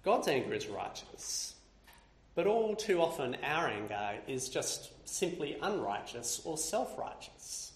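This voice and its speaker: A man's voice: medium pitch, very animated, a little slow. A man preaching a sermon, building his points in lists that grow more intense. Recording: roomy echo.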